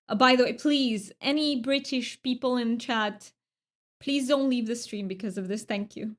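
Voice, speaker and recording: A woman's voice: fairly high pitch, moderate pace, some chatter behind. A woman streamer chatting casually while she plays, rambling with fillers and restarts. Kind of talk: casual gaming stream chat.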